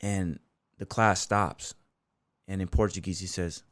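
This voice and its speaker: A man's voice: low-pitched, steady tone, measured pace, a bit bright, no room sound, studio quality. A man from the United States, a podcast guest telling casual stories in a loose, rambling way, full of fillers like "you know" and "man". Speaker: podcast guest, bull rider and gym owner. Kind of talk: casual storytelling interview.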